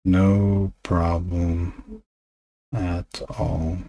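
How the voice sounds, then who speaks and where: A man drawing comics live talks quietly, almost whispering, into a desk microphone, drifting into thoughtful pauses. The tone comes across as level and warm.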